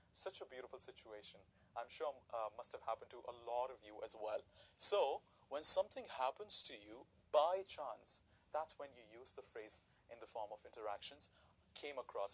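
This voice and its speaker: A man's voice: medium pitch, bright, forceful tone, slightly rough, poor audio. A man teaching an English lesson, explaining phrases step by step with example sentences and questions to the viewers.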